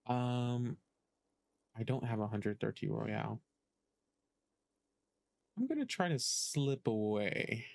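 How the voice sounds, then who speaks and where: A man's voice: mid-range voice, expressive, takes it slowly, creaky, long pauses, darkish tone, no room sound. Male streamer, casual game commentary, hesitant, thinks aloud, dry mic. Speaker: gaming streamer. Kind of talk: casual let's-play commentary.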